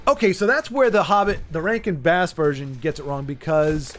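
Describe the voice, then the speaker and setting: Male streamer host, high voice, animated ranting chat, faint music underneath. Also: normal speed. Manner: animated, ranting, self-interrupting. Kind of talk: casual livestream chat.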